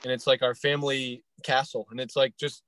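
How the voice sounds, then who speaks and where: A man's voice: medium pitch, little pitch movement, brisk, a bit bright, clean tone. A young man from northern Michigan with a local accent, hosting a casual podcast chat, rambling with lots of fillers and easy laughs. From Michigan, USA. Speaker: podcast host.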